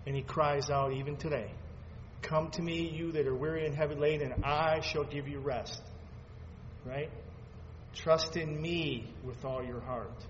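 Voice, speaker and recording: A man preaching a sermon, swinging between fervent loud peaks and quiet asides as he reads scripture aloud. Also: a little high, fairly even intonation, unhurried. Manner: reads scripture aloud in old-fashioned phrasing. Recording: dull lo-fi sound with long hall reverb and faint background noise.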